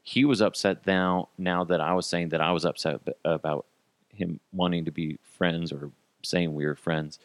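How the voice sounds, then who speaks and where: A podcast host tells a profane, animated story casually, laughing at his own jokes. His voice is low, and there's no room sound.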